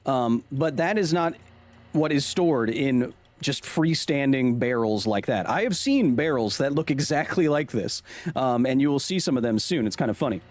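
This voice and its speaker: A man's voice: mid-range voice, animated, moderate pace, no echo. A man in his thirties streaming a game to chat, joking, chuckling often and drifting into science explanations, recorded on a desk mic in a home room. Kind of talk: casual gaming commentary.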